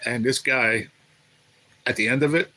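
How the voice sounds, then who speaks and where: In a mid-range voice that sounds pushed and bright, a livestream host talks a little slowly through rambling, profane stories of working as a restaurant cook, reading chat aloud as he goes. It's a casual live chat, captured in a dry, low-quality recording.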